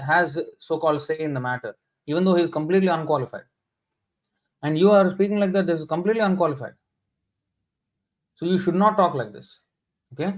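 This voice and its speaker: A man's voice: fairly high pitch, rough recording. Guy preaching, really scolding and indignant, hammers every point. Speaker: scripture class speaker. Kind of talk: sermon.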